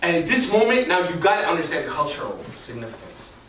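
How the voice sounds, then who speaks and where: A young male preacher talking in a loose, chatty way full of fillers and slang. His voice sits slightly high and rings through a very echoey hall, picked up from far off with a faint hiss behind him. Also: very animated, quick pace, fairly bright tone. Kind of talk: casual sermon. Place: church hall.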